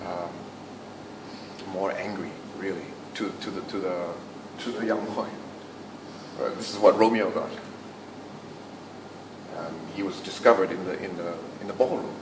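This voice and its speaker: A man teaching public speaking to a club audience, projecting his voice without a microphone and dropping very soft for emphasis. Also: on the low side. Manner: projects to a room without a mic, drops to near-whisper for emphasis. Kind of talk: speech workshop talk. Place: meeting room before a club audience. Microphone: no microphone, recorded from a distance. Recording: roomy, distant, faint room noise.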